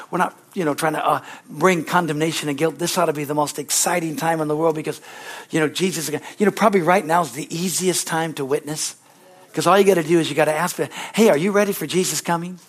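A middle-aged man preaching a sermon as pastor, rising to loud bursts and calling out "Amen?" to the congregation, also speaking to children. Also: fairly high pitch.

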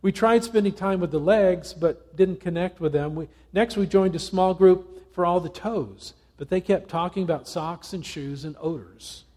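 A man voicing a personified hand, a slow, hesitant church member, in a read-aloud parable. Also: high voice, dark tone, in a large hall. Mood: explaining. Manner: hesitant, halting.

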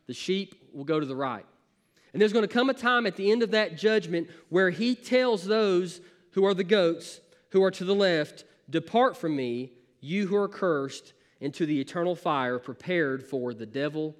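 A man, a pastor, preaching a sermon with an emphatic, repetitive cadence. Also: on the high side.

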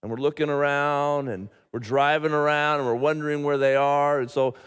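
A middle-aged man, a pastor, preaching a sermon and telling a family story in an animated way, with frequent restarts. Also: on the high side, moderate pace, clean tone. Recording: reverberant church hall.

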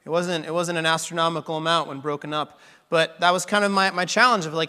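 A man's voice: a little high, steady tone, fast, pushed and bright, in a large hall. A pastor telling a story in a sermon, conversational and full of restarts, his voice a little worn.

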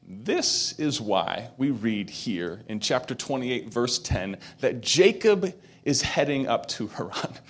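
A man's voice: medium pitch, husky. A man preaching a sermon, retelling a story with acted quotes and building to emphatic peaks. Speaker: pastor.

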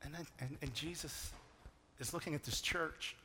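A middle-aged man preaching a sermon, telling a story with big swings from loud to hushed. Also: on the high side, normal speed, a little hiss or hum. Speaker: pastor. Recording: long reverb of a large hall.

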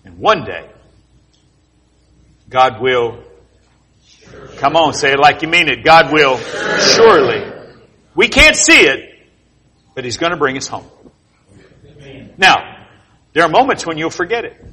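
Man preaching, high voice, husky, animated storyteller. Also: measured pace, long pauses. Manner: animated, jokey storytelling with sound effects. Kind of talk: sermon with storytelling.

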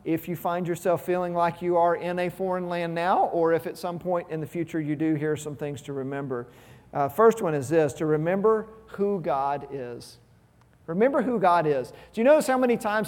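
A man's voice: a little high, fairly quick, darkish tone. A man pastor preaching a sermon, emphatic, repeating key words and asking rhetorical questions. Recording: long reverb of a large hall.

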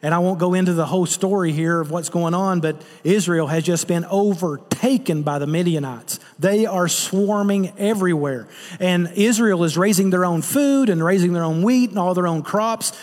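High-voiced man preaching in a reverberant hall. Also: moderate pace, a little mellow. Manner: earnest preaching, rhetorical questions to the congregation. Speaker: pastor. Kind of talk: sermon.

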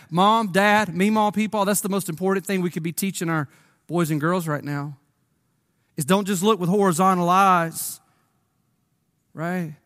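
A pastor delivering a sermon in a fairly high voice, his words ringing out with a long echo around him. He leans on repetition for emphasis and slips into the voices of the people in the story he is telling. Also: fairly bright tone. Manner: emphatic preaching with repeated phrases, voicing biblical speakers.

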